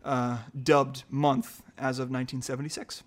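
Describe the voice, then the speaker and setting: A man's voice: medium pitch, flat delivery, moderate pace. A man hosting a casual quiz show, reading questions aloud and chatting about the answers with easy laughs. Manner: reads questions then chats and laughs easily. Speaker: quiz host.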